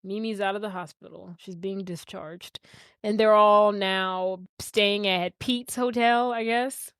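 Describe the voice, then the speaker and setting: A woman's voice: mid-range voice, fairly even intonation, a little slow, fairly bright tone, clear, resonant tone, no room sound, studio quality. A woman co-hosting a podcast, chatting casually and joking as she recaps a movie. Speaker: podcast co-host.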